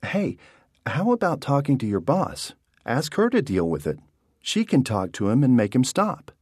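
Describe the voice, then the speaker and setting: A man reads his side of a textbook conversation, offering firm, supportive advice. His voice is a touch husky and swings widely in pitch, recorded dry and close. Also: wildly swooping pitch, normal speed, darkish tone, no room sound. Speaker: textbook dialogue speaker. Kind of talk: scripted conversation for language learners.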